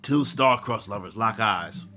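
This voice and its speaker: A man's voice: on the low side, unhurried, pushed and bright, faint music behind. A man reading a manga aloud live and reacting with slangy asides, as the regular host of his channel.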